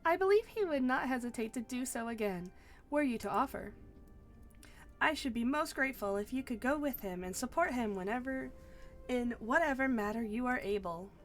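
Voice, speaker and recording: A woman reading aloud the lines of an earnest young woman who leads a band of heroes, in a measured, formal way with small stumbles. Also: on the high side, expressive, faint music behind, close to an everyday voice. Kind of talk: reading game dialogue aloud.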